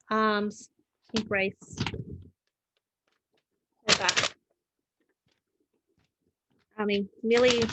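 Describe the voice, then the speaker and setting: A woman reading her own story aloud, with plain, unhurried narration and small slips she corrects. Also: mid-range voice, fairly bright tone, a little hiss or hum.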